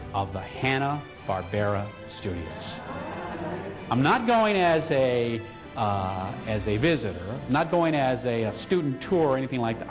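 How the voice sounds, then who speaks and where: A man who is a motivational speaker and radio host, telling a story with enthusiasm and voicing the people in it. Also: medium pitch. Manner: animated, enthusiastic, voices the people in his stories.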